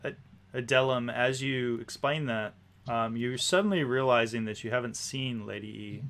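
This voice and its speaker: A man's voice: mid-range voice, normal speed, a bit bright. A man narrating a tabletop game as game master, describing scenes with hesitant fillers.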